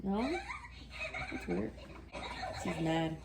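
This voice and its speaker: A woman's voice: low-pitched, animated, drawn-out words. A woman vlogging family life at home, often cooing in a sing-song voice at her baby and pets. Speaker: vlogger mother. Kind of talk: casual family vlog chat. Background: background music.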